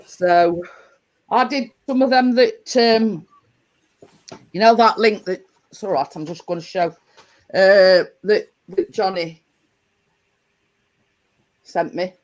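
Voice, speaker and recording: Slow, rambling woman chatting live. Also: mid-range voice, poor audio. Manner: rambling, chatty, many restarts and fillers. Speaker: livestream host. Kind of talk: casual live chat to viewers.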